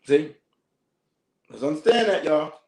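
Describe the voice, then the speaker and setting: A high-pitched man leads a teaching session, reading a passage aloud and cutting in with loose, slangy jokes. He laughs often between the lines. The room around him rings with a noticeable echo. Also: expressive, unhurried, darkish tone. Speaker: minister teaching a class. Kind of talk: reading a text aloud and commenting casually.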